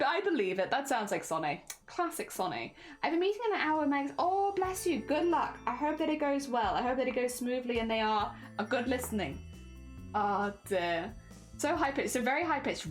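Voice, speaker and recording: A woman livestreamer chatting casually with viewers while crafting, giggly and rambling, laughing often. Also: fairly high pitch.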